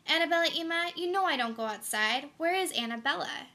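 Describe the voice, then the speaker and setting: A young woman acting a monologue as a reclusive, fiercely protective mother who swings from flat routine to frantic outbursts. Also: high voice, a little fast, heavily acted. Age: young adult. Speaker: student actor. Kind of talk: theatrical monologue.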